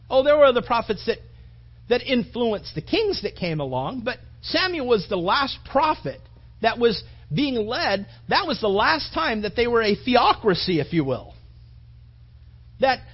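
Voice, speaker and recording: A man's voice: very high voice, highs cut off. A man pastor preaching a sermon in a casual, emphatic way, with frequent repetitions and asides to the congregation.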